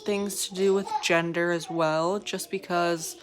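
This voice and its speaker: A woman's voice: on the low side, steady tone, unhurried, noisy background. A young woman and mother of three talking casually to camera in a rambling, chatty way, full of fillers.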